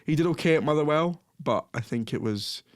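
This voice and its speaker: A man's voice: on the high side, lively intonation, brisk, dry recording, clean studio sound. A man co-hosting a podcast, chatting casually about football, laughing often and correcting himself. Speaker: podcast co-host.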